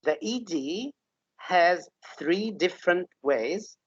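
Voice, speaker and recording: A woman's voice: on the low side, expressive, breathy edge, dry recording. Woman teaching pronunciation over a webinar. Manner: patient, repeats example words slowly, checks in with "okay?". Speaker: English teacher giving a webinar. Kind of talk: online pronunciation lesson. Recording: dull lo-fi webinar audio.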